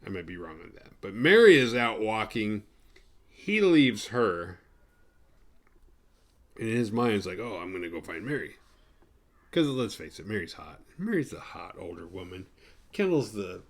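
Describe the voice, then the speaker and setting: A man's voice: fairly low pitch, sing-song, normal speed, long pauses. A man hosting a horror movie podcast, giving a casual, rambling, profane recap full of sarcastic asides.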